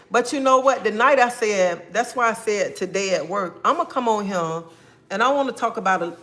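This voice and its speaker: A woman's voice: on the low side, pushed and bright. Chatty devout woman greeting her viewers. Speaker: livestream host. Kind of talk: casual livestream chat.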